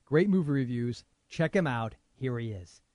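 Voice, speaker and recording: A man co-hosting a movie podcast in casual chat, teasing and joking with quick asides. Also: mid-range voice, lively intonation, a little mellow, no echo. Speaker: podcast co-host.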